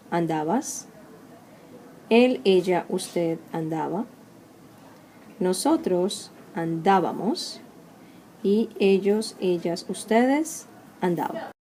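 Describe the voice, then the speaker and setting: Female language teacher, mellow tone, measured drilling delivery, faint hiss behind. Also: lowish voice. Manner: slow, clear drilling of verb forms. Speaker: Spanish teacher. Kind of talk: recorded grammar lesson.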